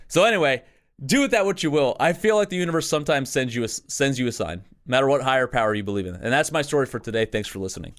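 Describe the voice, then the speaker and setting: A man's voice: medium pitch, fast talker. Swearing young man telling a story. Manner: animated, swears often, frequent restarts. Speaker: podcast co-host. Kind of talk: casual storytelling.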